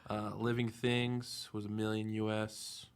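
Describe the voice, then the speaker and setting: Guy on a podcast, kinda low voice, chill, reads stats off his laptop. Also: measured pace, smooth. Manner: reads out figures, relaxed and chatty. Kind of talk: casual chat.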